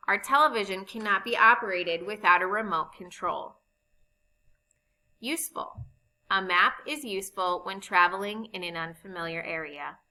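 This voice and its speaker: A woman teaching a recorded phonics lesson, explaining spelling rules slowly and patiently. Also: medium pitch, bright, forceful tone, low-quality recording. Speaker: reading teacher.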